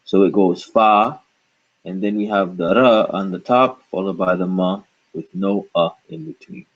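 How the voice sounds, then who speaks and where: A man teaching pronunciation at a very slow, deliberate pace, with a low, husky voice. He repeats each word carefully and guides the learner with questions. The recording sounds dull and lo-fi. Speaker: language teacher. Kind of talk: slow, patient pronunciation lesson.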